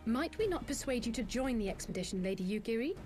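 An actress voicing a courteous, composed game character speaking in formal, polite diplomacy. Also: female voice, a little high, expressive, fast, a little mellow, soft background music, close to an everyday voice. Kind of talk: game cutscene voice acting.

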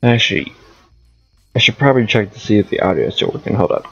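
Streamer, male, low gravelly voice, thinks aloud as he plays; muffled lo-fi audio, soft music bed. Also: big pitch swings, fast talker. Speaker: gaming streamer. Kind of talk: casual gameplay commentary.

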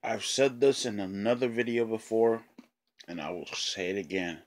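A man with a somewhat low voice delivers an angry vlog rant to his channel's viewers. He swears constantly, circles back to the same points, and often pauses to clear his throat. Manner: profane, repetitive, frequent throat-clearing. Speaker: channel owner.

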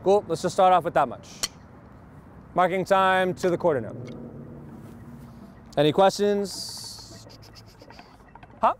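Speaking slowly, with long pauses and a high-sitting voice, a drum instructor teaches a group snare drum technique over a noisy background. He explains each step and frequently checks understanding, recorded on a wireless lavalier mic.

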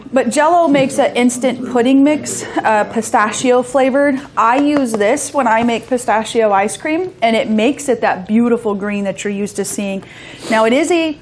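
A woman presenting at an ice cream seminar, explaining a recipe in a chatty way with many filler words. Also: on the high side. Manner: chatty, lots of ums. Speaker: sales presenter. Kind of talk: casual product demo. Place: seminar kitchen.

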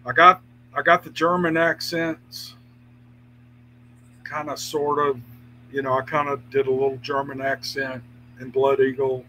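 Guy w a bright tense voice, casual podcast chat, kinda self-doubting. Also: medium pitch, flat delivery, unhurried, pauses often, a little hiss or hum, poor audio.

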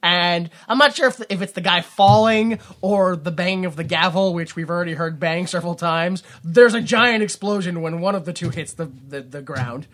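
Bright-voiced man recapping a movie. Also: sits high, normal speed, few pauses. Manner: rambling, jokey retelling with put-on quotes. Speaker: podcast co-host recapping a film. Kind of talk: casual comedic chat.

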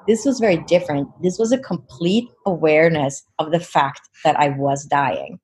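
Woman, low-pitched, interview guest, vivid earnest retelling, frequent "you know". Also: animated, normal speed, few pauses. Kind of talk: personal storytelling.

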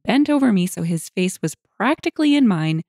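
A woman narrating internet stories aloud, with lively, expressive storytelling. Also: mid-range voice, fairly quick, no room sound, clean studio sound.

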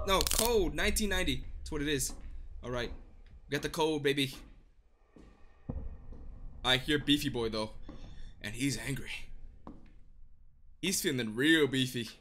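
A man's voice: fairly high pitch, unhurried, pauses often, bright, forceful tone, faint music behind. A man giving panicky horror game commentary, screaming, cursing and taunting the monster as he plays. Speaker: gaming channel host.

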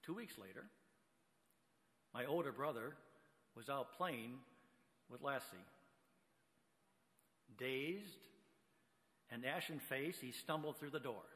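A man, a guest preacher, telling a story in an unhurried sermon delivery. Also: medium pitch, animated, fairly bright tone. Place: church sanctuary with long reverb. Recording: reverberant church hall.

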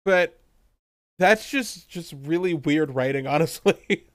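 Young guy recapping a tv episode, laughs a lot, does goofy character voices, kinda high voice, dry close sound. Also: slow pace, no room sound. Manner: animated, laughs often, acts out characters in quoted voices. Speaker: podcast co-host recapping a TV episode. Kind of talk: casual chat.

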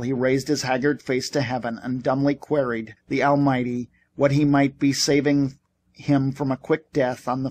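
A man narrating an audiobook in an even, steady storytelling manner. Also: medium pitch.

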